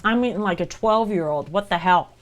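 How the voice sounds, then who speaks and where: Chatty woman streamer, lowish voice. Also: a little fast, a little hiss or hum. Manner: chatty, talks to chat while eating. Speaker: livestreamer. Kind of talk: casual livestream chat.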